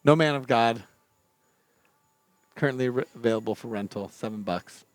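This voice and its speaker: A man's voice: mid-range voice, normal speed. Rambling man on a porch podcast. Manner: rambling, hesitant, self-correcting. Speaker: podcast co-host. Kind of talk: casual chat. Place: back porch at night.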